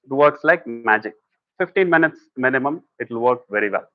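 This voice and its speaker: A man's voice: medium pitch, lively intonation, fairly quick, no room sound, lo-fi sound. A man giving a conversational spiritual lecture, often telling stories and quoting people. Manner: conversational, storytelling with acted quotes. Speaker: speaker at a talk.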